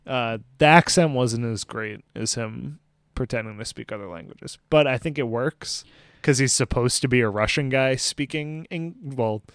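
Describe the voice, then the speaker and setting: A man's voice: mid-range voice, smooth, no room sound, studio quality. Laughing man chatting about a film. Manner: laughs often, quick upbeat reactions. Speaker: podcast co-host. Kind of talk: casual film chat.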